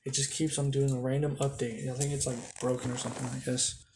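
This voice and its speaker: A man's voice: medium pitch, level tone, quick pace, vocal fry, noisy background. A young man at home improvising a fan-fiction story in a rambling, casual way, full of restarts. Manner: rambling, repeats "he goes", slips and restarts. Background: music.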